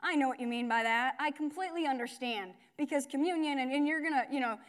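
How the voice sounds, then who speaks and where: A young woman gives a relaxed, chatty sermon, full of fillers, asides and quick self-corrections. Her voice sits high. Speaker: speaker at a church gathering. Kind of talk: casual sermon.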